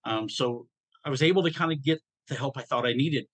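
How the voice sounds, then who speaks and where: Dad sharing raw story, close and dry. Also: male voice, medium pitch, no room sound. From Georgia, US. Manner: halting, many restarts, emotional. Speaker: podcast host. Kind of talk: candid personal storytelling.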